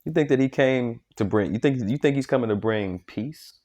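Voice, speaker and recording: A man's voice: mid-range voice, fairly quick, darkish tone. A man preaching informally and reading scripture, emphatic and repetitive, tagging lines with "man" and "okay?". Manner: repetitive, restarts sentences often.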